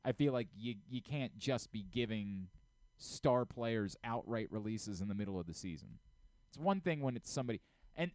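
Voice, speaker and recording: Male sports radio host, middle-aged, opinionated rant, lively swooping pitch, dry close studio sound. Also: no echo. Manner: animated, ranting, rapid swings from muttering to shouting.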